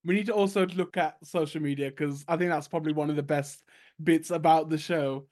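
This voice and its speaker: Higher-voiced male podcast host, chatty. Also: fairly even intonation, brisk, darkish tone. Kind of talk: interview questions.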